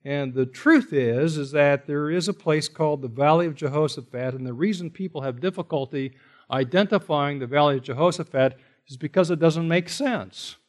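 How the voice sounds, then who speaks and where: A man preaching a sermon in a slightly higher-than-average voice. He delivers it with animated emphasis, climbing in intensity when he quotes God, then drops into casual asides and rhetorical questions to the congregation. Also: normal speed.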